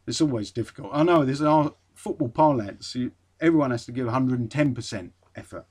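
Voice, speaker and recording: A man's voice: mid-range voice, a little fast, hardly any pauses, darkish tone. Dry-witted man reading aloud. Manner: dry, wry muttered asides. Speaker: podcast host. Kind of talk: reading an old article aloud with asides.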